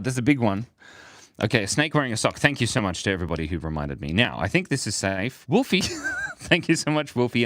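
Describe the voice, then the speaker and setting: Low, lively-voiced man chatting while drawing. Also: slight background noise. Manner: rambling, playful and self-mocking, chuckling often. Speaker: livestream artist. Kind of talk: casual live-stream chat while drawing.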